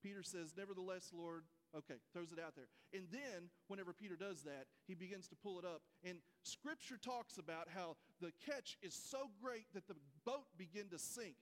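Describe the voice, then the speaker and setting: A man's voice: sits high, moderate pace, few pauses, fairly bright tone, in a large hall. A man preaching a folksy sermon, speaking straight to his congregation. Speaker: pastor. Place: church sanctuary.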